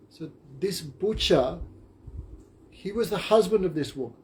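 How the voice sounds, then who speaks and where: A man's voice: high-pitched, expressive, a little slow, darkish tone. Brief: male teacher, storytelling in class, plain and simple, light background noise. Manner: simple, short-phrased retelling.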